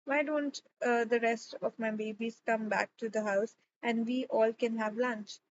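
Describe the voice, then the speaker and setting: Woman narrator voicing a gentle, firm mother; audiobook read. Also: a little high, fairly even intonation, unhurried, dull audio, a little hiss or hum, lightly acted. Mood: motherly. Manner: gentle, firm when scolding. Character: caring mother of grown children.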